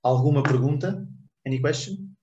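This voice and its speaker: A man's voice: mid-range voice, a little fast, darkish tone, roomy sound, lo-fi sound, slight background noise. A man teaching a language lesson in English, repeating words and checking understanding with "ok?".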